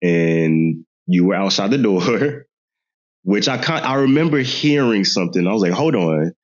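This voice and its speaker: A man in his thirties, a podcast guest, retelling a family story in a casual, animated way, mimicking others' voices and laughing often. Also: fairly low pitch, a little slow. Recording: dull lo-fi sound.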